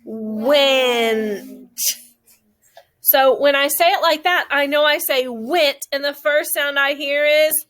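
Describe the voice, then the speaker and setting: A woman teaching a phonics lesson to a class of young children, slowly stretching out the sounds of words. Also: high voice, steady tone, a bit bright.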